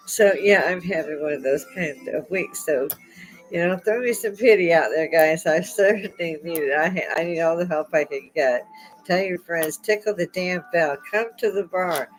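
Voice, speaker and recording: A middle-aged woman chats loosely to her online audience in a fairly low voice. She sounds sore and close to tears, yet laughs often and jokes with irreverent humor. Faint music plays quietly behind her. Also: moderate pace, poor audio. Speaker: vlogger hosting her own channel. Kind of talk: casual rambling chat to viewers.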